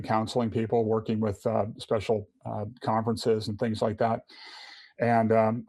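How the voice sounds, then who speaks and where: A man's voice: medium pitch, a little mellow, no echo. A middle-aged man giving a personal testimony in casual conversation, earnest, often restarting and repeating words. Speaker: podcast guest.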